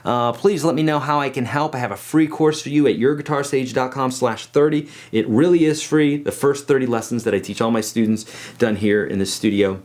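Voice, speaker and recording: A chatty middle-aged man teaching a casual guitar lesson from his home studio, with a mid-pitched voice. He talks loosely, restarts his sentences and leans on fillers as he explains. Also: brisk, darkish tone. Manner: sings pitches to demonstrate.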